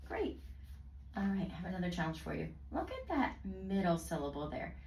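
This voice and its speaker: A woman tutor coaching a student through a reading lesson, with a lively, swinging pitch and frequent warm praise. She breaks words into slow, carefully spaced syllables. The sound is roomy and picked up from some distance, with faint background noise. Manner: encouraging, praising often; slow, clearly segmented word pronunciation.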